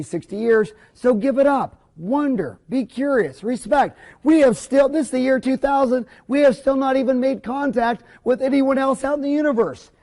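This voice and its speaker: A middle-aged man giving a seminar lecture in a blunt, animated and irreverent way. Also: high-pitched. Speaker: dentist lecturer.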